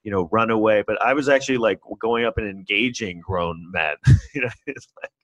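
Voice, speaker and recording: A man's voice: animated, moderate pace, fairly bright tone, no room sound. A man from New York City in his forties with a New York accent, rambling through a casual solo podcast monologue with self-deprecating humor. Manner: rambling, self-deprecating, acts out others in mocking high voices. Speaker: podcast host.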